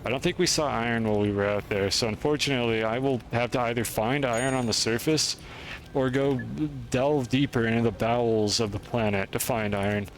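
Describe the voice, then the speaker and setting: A man's voice: medium pitch, fairly even intonation, brisk, slight background noise. A man streaming a game, chatting through his moves in a rambling, self-deprecating way. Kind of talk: gameplay commentary.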